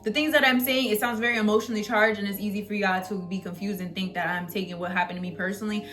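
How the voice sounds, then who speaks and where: Young woman vlogger, mid-pitched, animated, blunt talker with swearing, faint music underneath. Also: rapid-fire. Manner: animated and ranting, swearing, laughing at herself. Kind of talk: casual chat to camera.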